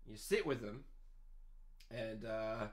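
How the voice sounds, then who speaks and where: A man's voice: on the low side, lively intonation, takes it slowly. A man in his twenties with an Australian accent hosting a podcast, ranting in a profane, exasperated and sarcastic way. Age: 20s. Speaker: podcast host.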